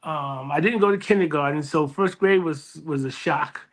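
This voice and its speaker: A man, telling his life story in an interview. His voice sits fairly high for a man, and he tells it with lively energy. He often restarts phrases and acts out the voices of people he quotes. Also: moderate pace. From New York City. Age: 60s. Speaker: librarian and interview guest.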